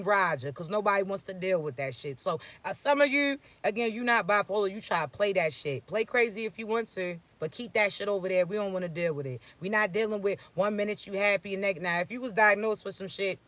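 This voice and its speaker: A man's voice: high-pitched, fairly bright tone, dry recording. A man giving a blunt, profane spiritual pep talk, scolding his listeners in streetwise slang. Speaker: spiritual reading host. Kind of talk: blunt motivational spiritual message.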